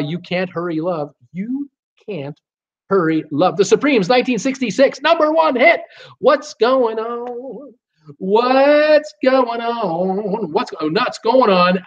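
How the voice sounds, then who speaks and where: Halting trivia host on a lo-fi stream. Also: male voice, sits high. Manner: halting, many fillers, half-sings song titles. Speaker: live trivia show host. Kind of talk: live-stream trivia, reading viewer guesses. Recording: dull lo-fi stream audio.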